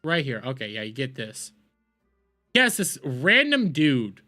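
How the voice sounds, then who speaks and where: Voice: mid-range voice, big pitch swings, a little slow, sharp tone, soft background music. A streamer giving casual reaction commentary, profane and rambling. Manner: profane, rambling, scrolls while talking.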